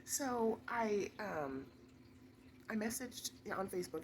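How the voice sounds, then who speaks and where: A woman's voice: mid-range voice, sing-song, noisy background. Chatty woman vlogger rambling through a story. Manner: rambling, chatty, quick asides and laughs. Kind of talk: casual storytelling.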